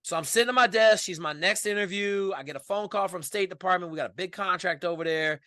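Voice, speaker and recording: Forceful, emphatic man telling stories. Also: high voice, fast talker, dry recording, clean studio sound. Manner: emphatic, colloquial, animated storyteller. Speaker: podcast guest. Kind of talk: casual storytelling interview.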